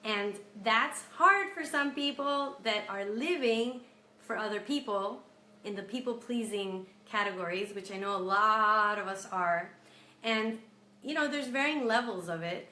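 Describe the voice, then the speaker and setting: A woman's voice: mid-range voice, slight background noise. Earnest woman coaching in an echoey room. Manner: earnest, gently coaching, slows into soft guidance. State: getting over a cold. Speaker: wellness coach. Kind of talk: self-help talk with guided meditation.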